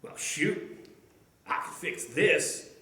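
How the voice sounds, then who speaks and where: A lonely but kindly old gas station owner talks in an easygoing folksy drawl, as a man reads him out in a story. His voice sits a little high for an old man. The sound rings around an echoey room. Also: expressive, slow, fairly bright tone. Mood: musing.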